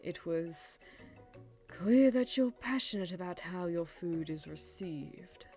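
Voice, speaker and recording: A composed, gentlemanly older colonel who speaks calmly and courteously, read by a woman in a lowered voice. Faint music plays underneath. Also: slow.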